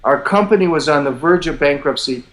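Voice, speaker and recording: An older man being interviewed, telling his story in a relaxed, self-deprecating way with frequent chuckles. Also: fairly high pitch, fairly quick. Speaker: interview guest, publisher.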